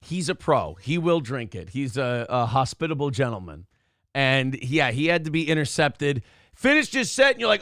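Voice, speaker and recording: A man's voice: a little high, normal speed, dry recording, studio quality. A man co-hosting a morning radio show, telling a night-out story in casual chat, swearing and acting out what people said. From Minnesota. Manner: animated storyteller, swears, acts out quotes.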